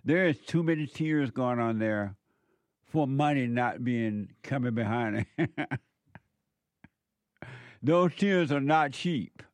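A man's voice: medium pitch, animated, slow, pauses often, no room sound. A man giving a preachy, sarcastic commentary on a news clip, mocking and repeating his phrases for emphasis.

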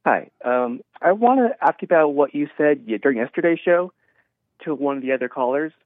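A man's voice: a little high, lively intonation, brisk, dry recording. A man from Colorado calls a radio show and asks a question hesitantly. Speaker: caller. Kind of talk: call-in radio talk. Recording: tinny phone line.

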